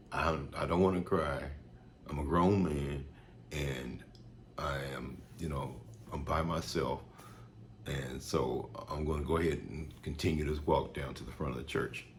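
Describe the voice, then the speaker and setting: A man with a bass voice earnestly tells the story of a personal faith experience, repeating himself, restarting, and using fillers. It's a personal testimony, with a little hiss or hum in the audio.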